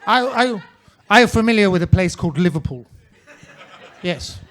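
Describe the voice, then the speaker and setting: A male stand-up comedian with a high, bright voice, performing on a comedy club stage. His delivery is mannered and theatrical with a droll edge, and it is spoken into a handheld stage mic. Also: lively intonation, moderate pace, slight background noise.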